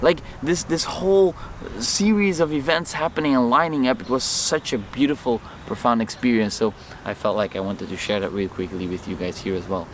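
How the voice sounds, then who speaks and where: A man vlogging outdoors, telling a personal story to camera in an animated way and acting out the lines of people in it. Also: lowish voice, a little fast, hardly any pauses, slight background noise. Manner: animated, acts out his own and others' lines in the story.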